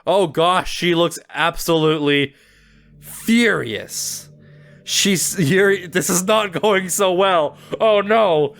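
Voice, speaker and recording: A man hosting a game playthrough, reading aloud and reacting excitedly with swearing. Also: high-pitched, takes it slowly, creaky. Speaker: let's play host.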